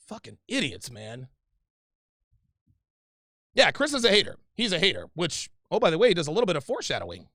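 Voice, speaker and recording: Angry streamer guy cussing out a troll, bright edgy voice, gravelly, dry close sound. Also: high-pitched, wildly swooping pitch, a little fast, no room sound. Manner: profane, confrontational, repeats himself. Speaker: livestream host reading super chats. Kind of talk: heated livestream rant.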